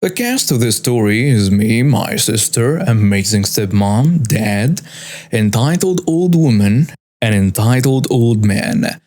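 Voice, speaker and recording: A man's voice: medium pitch, lively intonation, slow pace, a little mellow. A man reading out a first-person story as the narrator of a storytelling channel.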